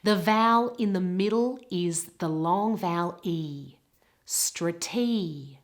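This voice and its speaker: A woman with a British English accent teaching pronunciation, modelling words slowly and carefully. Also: on the low side. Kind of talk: pronunciation lesson.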